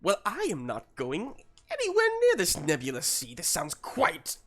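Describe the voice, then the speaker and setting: A man's voice: fairly high pitch, wildly swooping pitch, moderate pace, a bit bright, a little hiss or hum. A man voicing a fussy, cowardly male passenger in a tabletop game, speaking in a prim, over-formal way. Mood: nervous.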